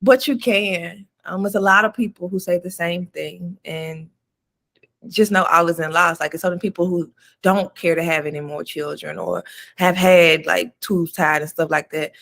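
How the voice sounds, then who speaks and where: A woman's voice: on the low side, fairly even intonation, normal speed, creaky, a bit bright. A woman doula chatting casually on a talk show, telling stories in a slangy, spiritual way. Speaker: doula and podcast co-host. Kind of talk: casual chat.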